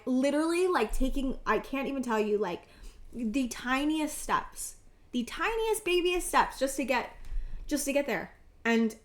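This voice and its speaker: A woman in her thirties giving an emotional tarot reading, earnest and halting, often restarting her sentences and close to tears. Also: a little high, a bit bright. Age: 30s. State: tearful, emotional. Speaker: tarot reader.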